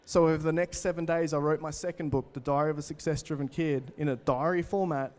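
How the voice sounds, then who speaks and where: Energetic young Australian man speaking. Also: on the high side, fast talker. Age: 20s. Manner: energetic, storytelling, addresses the crowd directly. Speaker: keynote speaker. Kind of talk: motivational talk to a live audience.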